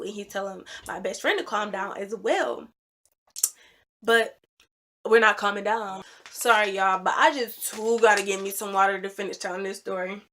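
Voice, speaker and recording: A young woman vlogger telling a personal story in a casual, animated and emphatic way. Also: medium pitch. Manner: animated, emphatic storytelling with loud reenacted quotes. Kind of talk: storytime vlog.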